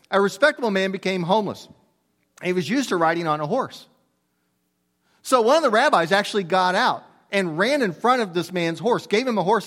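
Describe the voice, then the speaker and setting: A man in his sixties preaching a sermon as a pastor, telling stories in an animated, emphatic way with casual asides. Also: sits high.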